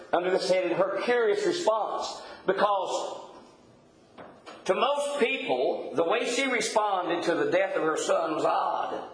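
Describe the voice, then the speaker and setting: A man's voice: sits high, fairly bright tone. An older man preaching a sermon in a folksy way, with stammered restarts and chuckling asides. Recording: echoey room.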